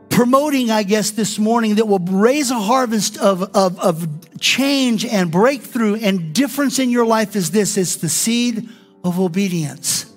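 A man preaching a sermon as pastor, animated and acting out quoted prayers in different voices. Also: very high-pitched.

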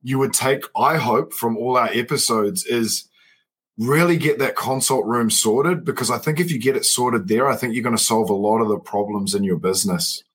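Male podcast host, husky voice, earnest and reflective, mid pitch. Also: a bit bright. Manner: earnest, thoughtful, halting restarts. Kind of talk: casual podcast chat.

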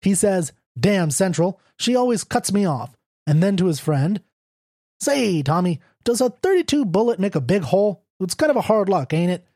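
A man's voice: sits high, very animated, normal speed, warm tone, no room sound, studio quality, full character voice. A man reading as a blunt, dogged story writer. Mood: argumentative. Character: stubborn unshaven young male story writer.

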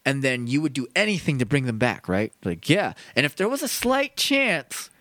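A man's voice: medium pitch, very animated, moderate pace, fairly bright tone, dry recording, studio quality. A man co-hosting a casual podcast, telling stories animatedly and acting out scenes in quoted voices. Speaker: podcast co-host. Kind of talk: casual chat.

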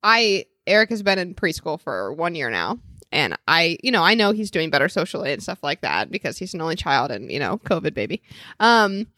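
Lively young mom telling stories. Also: female voice, sits low, a little fast, no room sound, studio quality. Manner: animated storyteller, acts out her son's lines. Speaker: podcast co-host, mother. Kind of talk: casual chat.

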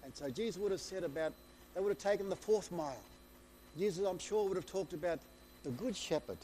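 A man preaching a sermon, retelling scripture in an excitable, storytelling way, often repeating and restarting his phrases. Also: sits high, fairly quick, slight background noise.

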